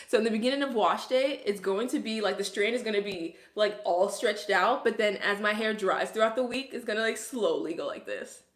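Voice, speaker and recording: A woman's voice: fairly high pitch, a bit bright, echoey room. A young woman from Brooklyn with a Brooklyn accent, a curly hairstylist chatting casually through a hair tutorial, full of "like"s and laughs. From Brooklyn, New York. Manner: chatty, many "like"s, laughs often.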